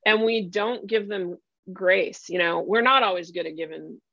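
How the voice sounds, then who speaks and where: Gravelly low-voiced woman telling chatty stories. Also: normal speed, no room sound, highs cut off. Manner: chatty, animated storytelling with acted-out quotes. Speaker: podcast guest, career strategy coach. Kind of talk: casual conversational interview.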